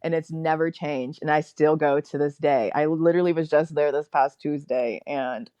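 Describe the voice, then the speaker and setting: A woman's voice: deep voice, fairly even intonation, warm tone, clean tone, no room sound, muffled recording. Chatty young woman, dry close sound. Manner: upbeat, chatty, quick to laugh at herself. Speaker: guest. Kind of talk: casual interview chat.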